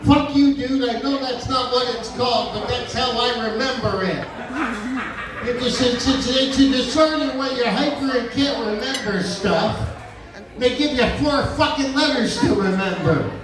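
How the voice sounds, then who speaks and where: A man's voice: extremely high pitch, unhurried. A man in his fifties doing a profane stand-up set at a bar, talking brashly and firing asides at the crowd. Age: 50s. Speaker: stand-up comedian. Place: bar stage. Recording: roomy bar sound from far off, noisy.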